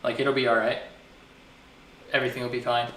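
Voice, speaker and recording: A man's voice: medium pitch, little pitch movement, fairly quick, pushed and bright, a little hiss or hum. American man, livestream co-host, easygoing and a bit awkward, echoey room. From United States. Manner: laid-back, joking, a bit awkward. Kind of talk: casual livestream chat.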